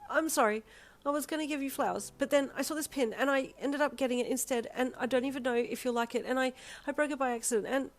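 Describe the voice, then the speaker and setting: A woman's voice: sits high, fairly even intonation, fast, few pauses, pitched above the performer's own voice. A woman doing a timid, tearful young woman. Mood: apologetic. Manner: shy, apologetic, voice wobbling.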